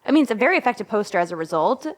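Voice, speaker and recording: A woman co-hosting a casual podcast chat, chatty and quick with asides. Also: medium pitch. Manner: chatty, animated asides, laughs easily. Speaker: podcast co-host.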